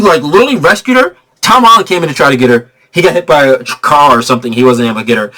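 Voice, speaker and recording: A man giving a casual spoiler movie review, excitable and profane, laughing often and a bit tipsy from drinking. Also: medium pitch. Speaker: film reviewer.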